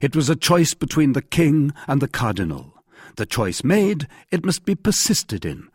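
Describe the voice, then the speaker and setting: A male audiobook narrator whose voice carries a husky edge. His pitch moves in a lively way, and the recording is dry and close. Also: normal speed, dry recording. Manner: lively dramatic reading, rising pitch on quoted speech. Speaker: audiobook reader. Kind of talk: scripted narration.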